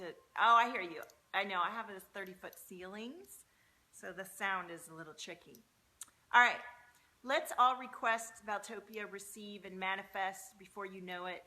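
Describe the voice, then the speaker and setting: A woman hosting a live tarot stream, talking in an effusive, breathy, spiritual way in a large high-ceilinged room. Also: pushed and bright. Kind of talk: casual live-stream chat. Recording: muffled, echoey room sound.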